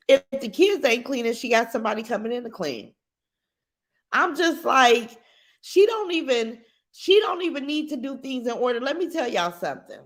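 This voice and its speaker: A middle-aged woman hosting a casual livestream, bluntly giving her opinions and reading comments from chat. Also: a little high. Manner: blunt, opinionated, animated, addresses chat directly.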